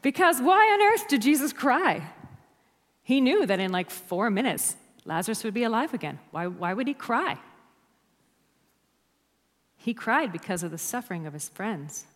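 A woman's voice: fairly high pitch, sing-song, normal speed, long pauses. A woman preaching a sermon to a church, emphatic and dropping to near-whispers on key words. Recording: long hall reverb.

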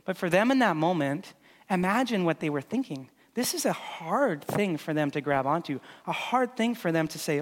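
This pastor has a high, animated voice and a brisk delivery. He preaches casually, walking volunteers through a demonstration and talking loosely with many fillers, while long reverb from the hall lingers.

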